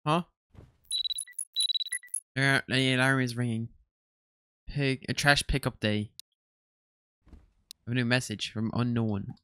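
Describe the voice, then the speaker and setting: A young man commenting as he plays a horror game, jumpy and swearing and yelling when startled. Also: medium pitch, steady tone, slow, pauses often, clean tone. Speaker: gaming streamer.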